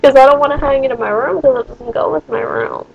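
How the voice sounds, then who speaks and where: A woman's voice: high voice, steady tone, fast, vocal fry, breathy edge, phone-quality sound. A young woman vlogging, telling a story in a rambling way with lots of swearing and bursts of disbelief. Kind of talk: casual storytime monologue.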